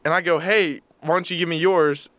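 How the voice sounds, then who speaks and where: A young man, a podcast co-host, telling a story in casual chat; animated, acting out quotes and mocking himself. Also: a little high, brisk, no echo.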